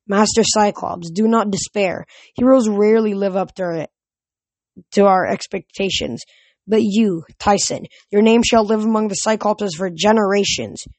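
A woman voicing an ancient, fading nature god who speaks slowly and solemnly. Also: mid-range voice, darkish tone, no echo, natural voice. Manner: slow, solemn, forlorn.

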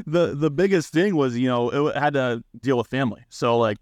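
A man's voice: medium pitch, very animated, normal speed, a little mellow, no room sound. A married man in a casual podcast chat, easygoing, telling stories and laughing as he goes. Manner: easygoing, laughs while talking, storytelling. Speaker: podcast guest.

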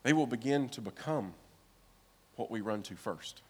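This pastor's sermon, given in a church sanctuary, retells a story through acted dialogue that shifts from quiet, low lines to loud, urgent ones. His male voice has lively intonation, a breathy edge, and a moderate pace.

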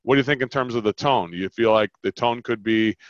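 A fast-talking man with a low voice coaching on a podcast. He is animated and acts out customer lines as he goes. The sound is dry and a little dull. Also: no echo. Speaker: sales coach. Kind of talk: podcast coaching, role-playing sales talks.

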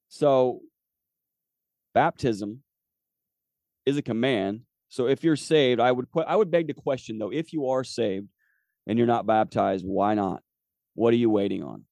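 A man's voice: fairly low pitch, dark tone, dry recording, clean studio sound. A man hosting a podcast, teaching from the Bible in a conversational way, often checking in with "okay?" and reading scripture aloud. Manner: reads scripture aloud, correcting himself. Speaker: podcast host and preacher.

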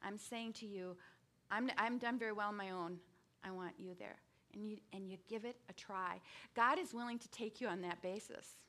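A woman in her sixties giving a conversational sermon with frequent restarts and lively bursts. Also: mid-range voice, moderate pace. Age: 60s or older. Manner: conversational, with many restarts and sudden bursts of animation. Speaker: speaker giving a devotional talk.

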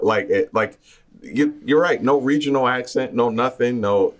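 A man co-hosting a casual film review chat, talking in a halting, thoughtful way with many restarts. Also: mid-range voice. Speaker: film podcast co-host.

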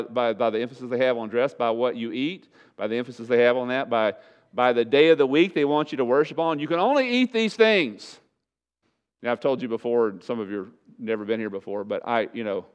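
A male pastor preaching a sermon in a church, speaking with emphasis and repeating his key phrases. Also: smooth. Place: church sanctuary. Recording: dull low-fidelity church recording.

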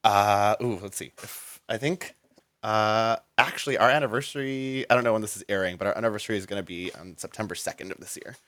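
Male guest, lower voice, loose rambling storyteller, dry recording. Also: quick pace, fairly bright tone, no room sound. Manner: rambling, full of "like" and restarts. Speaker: interview guest. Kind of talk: casual storytelling in an interview.

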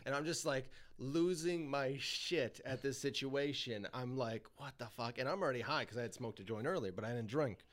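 Male podcast guest, middle-pitched, animated and sweary, breaks into laughs. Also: moderate pace, few pauses. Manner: profane, animated, laughs often. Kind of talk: casual storytelling.

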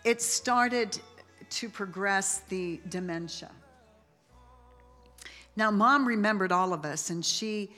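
A woman giving a heartfelt memorial tribute, talking in a halting, rambling way with many restarts. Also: medium pitch, sharp tone, soft background music. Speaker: family member giving a eulogy. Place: memorial service hall. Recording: long reverb of a large hall.

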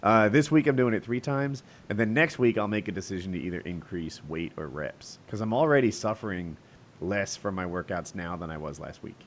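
A man's voice: lowish voice, brisk, slight background noise. A middle-aged man co-hosting a podcast in casual chat, blunt and profane. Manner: blunt and profane, swinging between loud and quiet. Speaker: podcast co-host.

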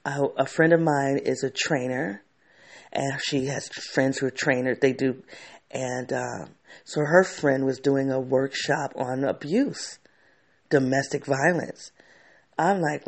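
A man's voice: mid-range voice, fairly even intonation, unhurried, creaky. A man telling a candid personal story to camera, reflective and often restarting his sentences.

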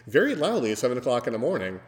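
A man hosting a podcast, telling a story casually and breaking into loud, animated mimicry of screams. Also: medium pitch, very fast. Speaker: podcast host. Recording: long hall reverb.

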